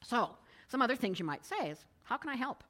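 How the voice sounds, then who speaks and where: A middle-aged woman giving a talk to a group, moving from calm advice into lively personal storytelling. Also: on the high side, fairly quick. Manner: lively storytelling, rising with excitement in anecdotes.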